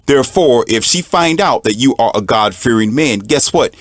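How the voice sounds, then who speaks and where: A man delivering an emphatic, preachy monologue, repeating lines for effect and mocking others in a high put-on voice. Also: expressive, normal speed, no room sound, studio quality. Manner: mocks others in a high mincing voice. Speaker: commentator. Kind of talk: monologue to the camera.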